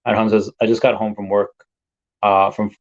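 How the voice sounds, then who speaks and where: A man's voice: on the low side, level tone, normal speed. A man hosting a live podcast, chatting casually and rambling with many fillers as he reads comments. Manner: rambling, laid-back, lots of fillers. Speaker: podcast host. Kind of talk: casual live-stream chat. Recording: dull lo-fi stream audio.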